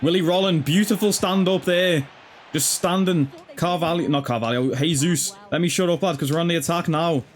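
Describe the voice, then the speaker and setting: A young man commentating his own football video game, excitable and swearing freely as he shouts at the play. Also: a little high, normal speed. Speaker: gaming YouTuber. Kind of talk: excited live gameplay commentary.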